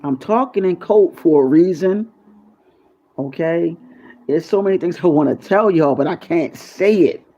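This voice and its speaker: A man's voice: a little high, expressive, unhurried, dark tone. Man, casual rambling monologue, conspiratorial, curses freely, dull lo-fi recording. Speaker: YouTube channel host. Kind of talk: casual freestyle monologue to viewers.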